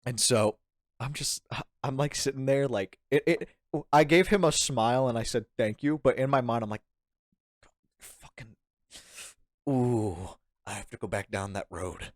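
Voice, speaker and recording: With a mid-range voice and a moderate pace, a young podcast guest tells an animated, rambling story in casual chat. Frequent laughter and acted-out quotes fill his telling, recorded in studio quality without echo.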